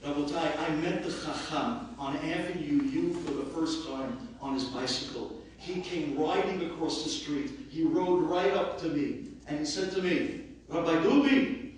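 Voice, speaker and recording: Impassioned rabbi in an echoey hall. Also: male voice, on the high side, a little slow. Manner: impassioned, swings between shouting and hushed speech. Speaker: rabbi giving a eulogy. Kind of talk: eulogy. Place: large hall at a memorial gathering. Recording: very echoey hall, voice far from the mic.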